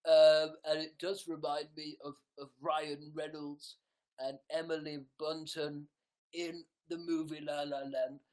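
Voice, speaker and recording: Man playing a pompous food reviewer, mock-grand, slow and formal. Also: a little high, flat delivery, a little mellow, lightly acted, low-quality recording. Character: pompous male food blogger.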